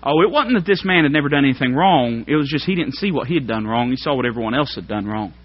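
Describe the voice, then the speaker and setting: A man preaching a sermon, folksy and plain-spoken, climbing to loud emphatic peaks. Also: medium pitch, lively intonation, fast talker. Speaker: pastor. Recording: dull lo-fi sermon recording.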